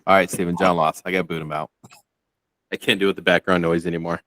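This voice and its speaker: A man's voice: sits low, flat delivery, fast, fairly bright tone. A man on a casual podcast chat, telling a mischievous story and laughing as he goes.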